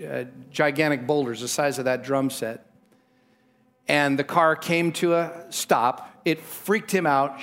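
A man's voice: fairly high pitch, a bit bright. Emphatic middle-aged male pastor preaching. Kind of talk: sermon.

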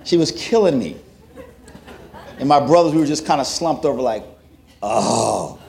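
A man giving a sermon testimony, telling a story with acted-out quotes that rise to loud, emotional peaks. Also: a little high, brisk. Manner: self-described introvert, plain conversational delivery. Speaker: preacher.

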